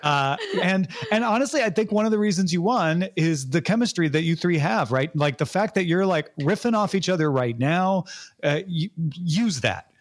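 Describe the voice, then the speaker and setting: A man in a relaxed chat gives feedback to a podcast team, circling his points with restarts and little laughs along the way. He sounds encouraging and easygoing. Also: sits high, moderate pace. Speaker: podcast coach.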